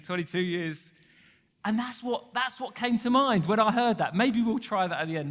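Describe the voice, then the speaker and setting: A man preaches with a high, light voice that rings through a reverberant church hall. His delivery is chatty and playful, breaking into laughter and little sung snippets. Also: a bit bright. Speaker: pastor. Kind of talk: sermon.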